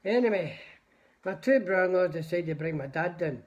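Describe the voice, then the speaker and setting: A man's voice: sits high, expressive, fairly quick, darkish tone, highs cut off. An older man with a Scottish accent, casually telling rambling stories on a livestream and greeting his viewers by name. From Scotland. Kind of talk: casual storytelling to live viewers.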